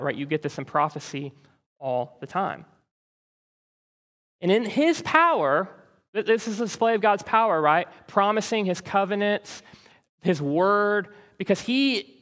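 A man with a high voice preaches a sermon, animated and conversational, tossing in quick asides to his listeners. His voice rings out with a long reverb, as in a church hall. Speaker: pastor.

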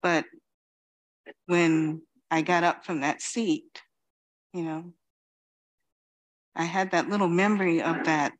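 A middle-aged woman from Queens giving a reflective dharma talk as a Zen teacher, pausing often and saying "you know". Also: fairly low pitch, fairly even intonation. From Queens, New York City. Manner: slow, reflective, many pauses and "you know".

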